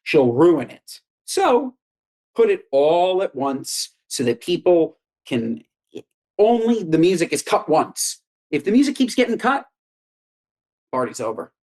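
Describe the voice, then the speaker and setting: A man's voice: big pitch swings, unhurried, a little mellow. A man co-hosting a comedy podcast, talking emphatically and breaking into mock rants. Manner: emphatic, mock-ranting, swings pitch widely. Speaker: podcast co-host. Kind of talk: casual comedic chat.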